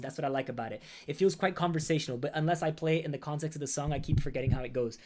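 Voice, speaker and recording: The lead singer of a rock band, a young man, chats casually on a livestream while loud music plays behind him. Speaking fast in a voice on the high side, he reflects and rambles a bit as he talks through his lyrics and reads comments, breaking into sung lines now and then.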